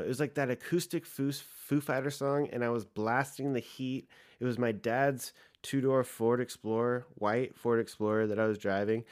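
A young man rants through a story, swearing freely and stacking filler words. His voice sits at an ordinary mid pitch for a man and he talks in a loose, rambling flow. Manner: profane, rambling, fast, heavy use of "like". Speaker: podcast host. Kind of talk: casual storytelling rant.

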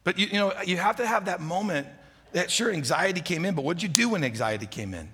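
A man preaches a sermon in a chatty, storytelling way, often turning to ask his listeners questions. His voice sits a little high and sounds bright and forceful. A long reverb trails behind him in a large hall. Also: expressive, fast talker, slightly rough. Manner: conversational storytelling, asks the audience questions. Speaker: pastor.

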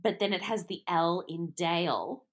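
A woman's voice: fairly low pitch, normal speed. A young adult woman with an Australian accent, co-hosting a podcast in casual chat, self-deprecating and giggly, tripping over words. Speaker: podcast co-host.

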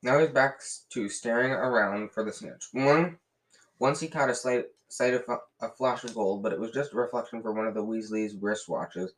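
A man reading a novel aloud in a lively way, often slipping and restarting words. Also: mid-range voice, moderate pace, poor audio. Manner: lively, with frequent slips and restarts. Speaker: reader.

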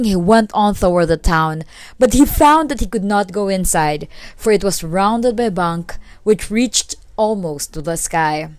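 A woman narrating a folk tale in a steady, clear read-aloud manner. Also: medium pitch, a little slow, no echo. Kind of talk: storytelling narration.

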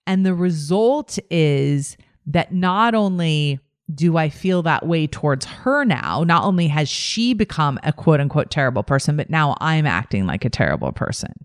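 A woman hosting a podcast as a life coach, teaching in a calm, emphatic monologue with repeated phrases. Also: low-pitched, normal speed, hardly any pauses, no room sound, clean studio sound.

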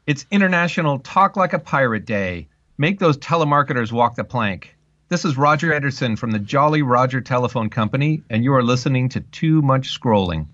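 A man's voice: medium pitch, animated, a little fast, a bit bright. Man giving an upbeat recorded intro. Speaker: guest intro speaker. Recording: dull lo-fi recording.

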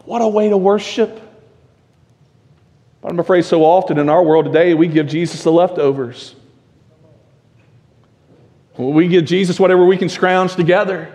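High-voiced preacher in a reverberant church. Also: male voice, a little slow, pauses often. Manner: emphatic, rhetorical questions, swings from loud to hushed. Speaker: pastor. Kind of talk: sermon. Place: church sanctuary. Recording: long reverb of a church sanctuary.

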